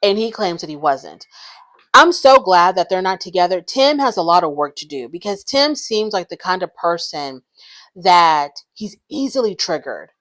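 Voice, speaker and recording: A woman's voice: lowish voice, expressive, normal speed, a bit bright. A woman giving casual, opinionated commentary on a reality show, frank and blunt.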